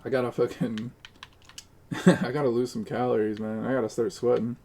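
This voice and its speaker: A man's voice: mid-range voice, level tone, moderate pace, creaky, mellow, slight background noise. A man streaming a game live, arguing with his chat and cursing at his teammates. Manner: profane, combative ranting at chat. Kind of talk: live gaming stream commentary.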